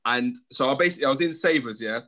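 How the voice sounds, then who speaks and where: A young man hosting a casual podcast chat, slangy and animated, telling stories with lots of laughter. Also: medium pitch, quick pace. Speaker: podcast host.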